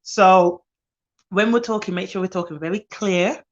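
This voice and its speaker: Tired, fast-talking woman nanny on a live stream. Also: medium pitch, fairly even intonation, muffled recording. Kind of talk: live-streamed advice talk.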